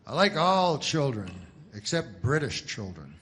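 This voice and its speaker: A male stand-up comedian telling jokes in a deadpan, rambling way, full of restarts and filler. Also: medium pitch, unhurried, a little hiss or hum.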